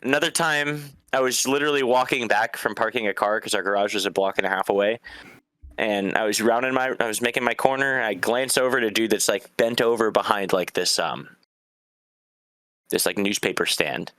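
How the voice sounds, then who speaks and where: Young male guest, bright and forceful voice, animated storyteller, dry close sound. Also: on the low side, fairly quick, no echo. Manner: animated, laughs often, swears, acts out voices. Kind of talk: casual storytelling.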